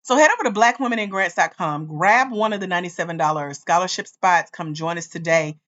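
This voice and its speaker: A woman hosting a livestream as a grants coach, talking straight to her viewers in an excited, chatty way. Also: on the low side, fairly quick, dull audio. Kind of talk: casual livestream chat.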